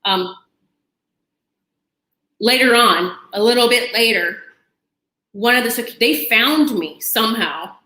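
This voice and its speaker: A woman's voice: on the high side, lively intonation, slow, long pauses, sharp tone. A woman host telling a personal story to camera in a chatty, dramatic way, with asides and laughter. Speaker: channel host. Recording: echoey room.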